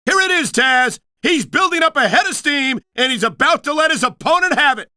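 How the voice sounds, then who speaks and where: A middle-aged man calling play-by-play for a wrestling video game, earnest and excitable, a bit prim and scolding. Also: very high voice, fairly quick, no room sound, clean studio sound. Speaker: play-by-play commentator.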